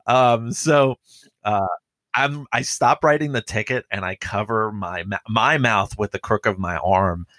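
A man's voice: fairly low pitch, measured pace, a bit bright, dry recording. A man who is a police officer, talking casually and profanely, rambling with lots of "like" and "dude.". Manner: rambling, profane, heavy use of filler "like". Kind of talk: casual podcast chat.

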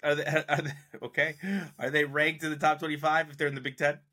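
Bright-voiced skeptical sports host. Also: male voice, a little high, level tone, fast. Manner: skeptical, teasing, laughs often. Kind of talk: argumentative sports debate.

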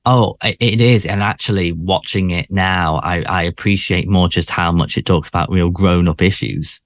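A man's voice: sits low, steady tone, normal speed, no room sound. A man co-hosting a podcast, chatting casually and often restarting his sentences. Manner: hesitant, many restarts. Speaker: podcast co-host. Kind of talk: casual chat.

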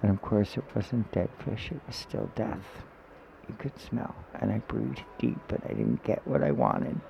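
A man telling an emotional personal story in a podcast chat, animated and swearing freely. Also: fairly low pitch, a little slow, vocal fry. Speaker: guest. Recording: dull, slightly noisy podcast audio.

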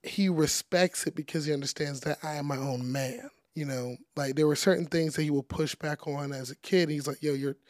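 A young man, a DJ, speaking as a guest in a casual interview, chatty and relaxed with lots of "like" and "you know.". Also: a little high, moderate pace, few pauses, no echo, studio quality. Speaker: podcast guest, DJ.

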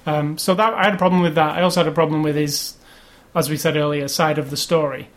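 A man co-hosting a casual movie review chat, rambling and opinionated, getting animated when he complains. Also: a little high, fast. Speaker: podcast co-host.

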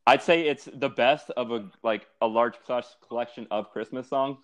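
A man's voice: medium pitch, moderate pace. A young American man co-hosting a casual podcast, arguing playfully and filling his talk with "like". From United States. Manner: playful, argumentative, many fillers. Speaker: podcast co-host. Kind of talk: casual chat.

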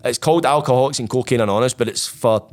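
A man's voice: medium pitch, very fast. A young Scottish man, a podcast guest, animatedly retelling his story with plenty of swearing. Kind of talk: casual storytelling.

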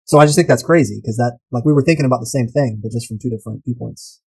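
A man co-hosting a casual podcast, talking animatedly and posing rhetorical questions with sudden jumps in pitch. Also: quick pace, a little mellow, slightly rough, low-quality recording. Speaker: podcast co-host.

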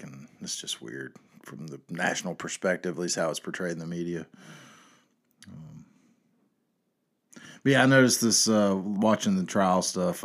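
A man's voice: low voice, creaky. A man from the American South with a Southern accent, hosting a podcast alone in a loose, rambling way, swearing freely and filling gaps with ums and you-knows. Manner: rambling, profane, lots of fillers. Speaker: podcast host. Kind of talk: casual solo podcast ramble.

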